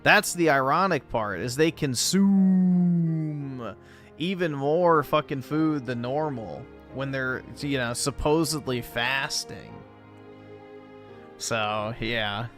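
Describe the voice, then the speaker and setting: Crude, dismissive male co-host, slow drawl. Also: medium pitch, fairly bright tone, faint music behind. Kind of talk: livestream commentary.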